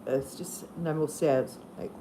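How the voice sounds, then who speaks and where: A woman's voice: low voice, a little slow, background noise. A middle-aged Australian woman chatting casually on her live stream, rambling and self-deprecating and laughing easily at herself.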